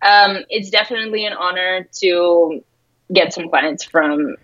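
A woman's voice: on the low side, a little slow, fairly bright tone, lo-fi sound. Woman, guest. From Russia. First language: Russian. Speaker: guest, graphic designer. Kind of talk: casual interview.

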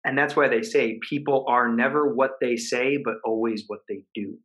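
A man, a coach and podcast guest, recounting a story in an earnest, measured way with pauses. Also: mid-range voice, steady tone, a bit bright, low-quality recording. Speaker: guest, high-performance coach. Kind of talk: storytelling interview answer.

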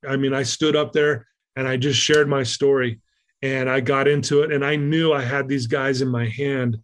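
A man telling a personal story in a conversation, lively and acting out the lines of people he quotes. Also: mid-range voice, normal speed, slight background noise. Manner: animated, acts out quoted lines. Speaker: guest speaker.

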